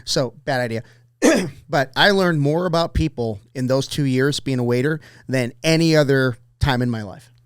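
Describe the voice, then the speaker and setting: A man's voice: medium pitch, moderate pace, smooth, no echo, clean studio sound. A man telling rambling, profane anecdotes on a casual podcast.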